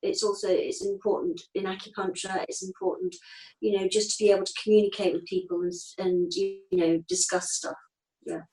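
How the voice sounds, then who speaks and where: A woman's voice: medium pitch, flat delivery, brisk, dark tone, rough recording. A woman in her fifties, a straight-talking acupuncturist chatting as a guest in an interview, explaining things with homely everyday comparisons. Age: 50s. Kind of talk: casual interview chat.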